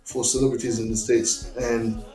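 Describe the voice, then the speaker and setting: A man's voice: mid-range voice, flat delivery, moderate pace, dark tone, echoey room, faint music behind, poor audio. A man on a podcast as a guest in casual chat, blunt and worked up, often restarting his sentences.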